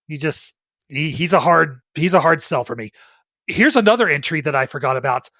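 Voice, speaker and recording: Relaxed, laughing woman from Texas. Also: low voice, brisk, no room sound. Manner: laughs often, relaxed storytelling. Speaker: podcast co-host. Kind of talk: casual gaming chat.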